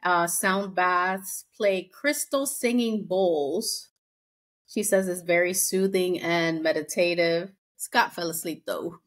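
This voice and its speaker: A woman co-hosting a casual podcast, recapping a reality show and acting out quotes in lively voices. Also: on the low side, slow. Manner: chatty, acts out quotes in animated voices. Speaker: podcast co-host.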